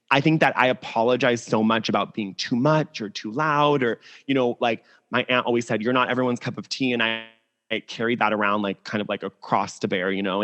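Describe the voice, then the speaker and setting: Candid, chatty man on a video call. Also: medium pitch. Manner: animated, candid, heavy use of "like". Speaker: podcast guest. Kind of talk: casual interview chat.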